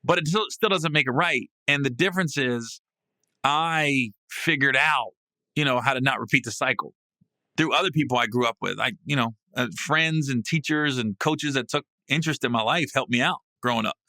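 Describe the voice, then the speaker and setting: A man hosting a podcast tells a comic story at normal speed, salty and casual with free swearing. Animated throughout, he frequently erupts into loud, high laughter; his podcast mic captures no echo.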